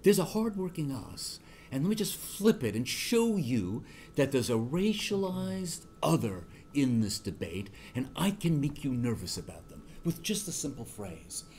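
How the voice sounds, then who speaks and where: A man's voice: mid-range voice, sing-song, unhurried, a little mellow, a little hiss or hum, pitched above the performer's own voice. A man quoting a blunt, dismissive older male senator in a matter-of-fact tone.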